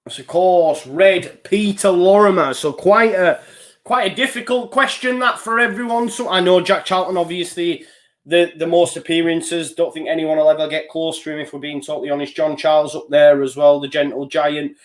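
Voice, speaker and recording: Man, casual live quiz host, fairly high voice, chatty and self-deprecating. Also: normal speed. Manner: chatty, reads answer options in a steady list; loose and self-deprecating, with small slips. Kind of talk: live online quiz hosting.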